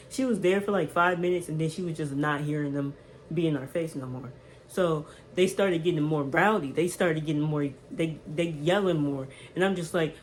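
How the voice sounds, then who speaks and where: A woman's voice: fairly low pitch, a little hiss or hum, low-quality recording. Young woman telling a storytime. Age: 20s. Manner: animated, repeats "right?" to the viewer. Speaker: vlogger. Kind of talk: storytime vlog.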